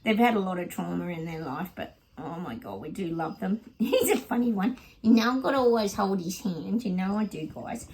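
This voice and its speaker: A woman's voice: mid-range voice, expressive, normal speed, few pauses, darkish tone, slightly rough, low-quality recording. Chatty Australian woman, rambling vlog. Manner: chatty, rambling, lots of ums and asides to her dog. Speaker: psychic vlogger. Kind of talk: casual chat to viewers.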